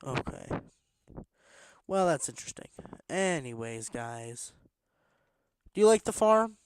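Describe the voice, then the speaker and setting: A man's voice: fairly high pitch, big pitch swings, takes it slowly, a little hiss or hum. A man streaming a block-building game late at night, rambling to himself in a tired, casual way while he builds. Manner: rambling, self-talking, tired but pushing energy.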